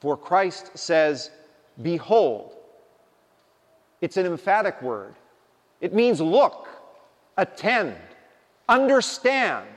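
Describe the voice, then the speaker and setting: A male preacher delivers his sermon slowly and deliberately, leaning on his words for emphasis in a sing-song manner. His voice is a little high for a man, and a long hall reverb rings out behind it.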